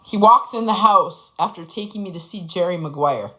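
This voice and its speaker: A woman's voice: on the low side, moderate pace, sharp tone, rough recording. A woman in her forties giving an impassioned, profane personal testimony, repeating phrases for emphasis. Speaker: speaker sharing her story.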